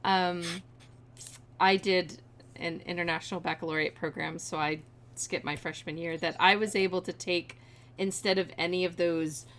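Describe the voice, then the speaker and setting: A woman's voice: fairly low pitch, fairly even intonation, normal speed, fairly bright tone. A woman co-hosting a casual chat, talking freely and laughing easily.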